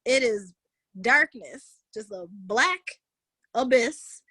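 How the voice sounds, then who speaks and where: A woman guest telling a personal story in a conversation, animated and vivid, leaning on "like" and "honey". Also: a little high, slow pace, husky, no echo. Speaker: guest, founder of a moms' group.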